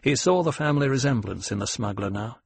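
Male audiobook reader, steady and measured, husky tone, dry close sound. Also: mid-range voice, dry recording. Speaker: audiobook narrator. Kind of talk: scripted narration.

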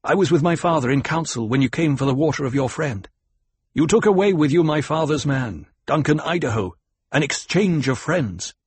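A man voicing a bold, quick-witted noble teenage boy in an audiobook reading. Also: fairly high pitch, expressive, breathy edge, no room sound, voice pushed up. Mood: earnest.

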